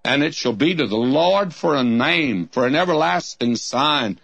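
A man's voice: fairly high pitch, expressive, unhurried, vocal fry, fairly bright tone. A man teaches through a Bible passage in a slightly raised, plain voice. He speaks to the listener as a friend and reads scripture in old-fashioned wording. The sound is dry and close, with no room echo. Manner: folksy, addresses listeners as friend. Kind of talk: recorded radio Bible study sermon.

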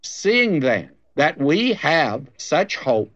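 Animated preacher telling a story. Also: male voice, on the high side, extremely slow. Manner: conversational storytelling, acting out both sides of a dialogue. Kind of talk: sermon with storytelling and scripture reading. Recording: dull lo-fi recording.

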